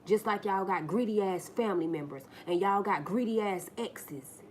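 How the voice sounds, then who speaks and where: A woman's voice: mid-range voice, normal speed, darkish tone. Woman streamer telling stories off the cuff, blunt and salty, mid-range voice, faint hiss behind. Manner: blunt, profane, talks straight to viewers; acts out the people in her stories. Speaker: livestream host. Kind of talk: casual live-stream storytelling.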